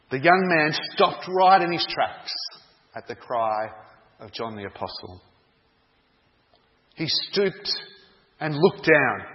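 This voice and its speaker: A man preaching a sermon, telling a story in a dramatic, deliberate way. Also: on the high side. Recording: dull echoey hall sound.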